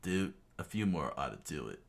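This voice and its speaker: A man's voice: extremely low pitch, big pitch swings, moderate pace, gravelly, pitched below the performer's own voice, exaggerated voice. A man voicing a laid-back young male pirate hero with easygoing surfer slang. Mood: cocky.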